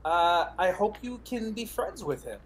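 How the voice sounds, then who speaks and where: Male tabletop player, unhurried, pitch wanders a lot, hesitant and rambly, faint hiss. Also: sing-song. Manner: hesitant, rambling, lots of fillers. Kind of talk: playing a tabletop game. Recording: faint background noise.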